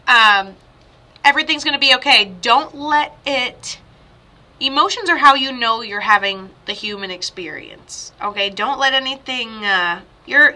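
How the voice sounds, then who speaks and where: A woman working as a medium talks through a live-streamed reading, rambling and reassuring as she goes. Her voice sits a little high and sounds very bright. She speaks as if into a phone or webcam at home. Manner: chatty, rambling, soothing reassurance.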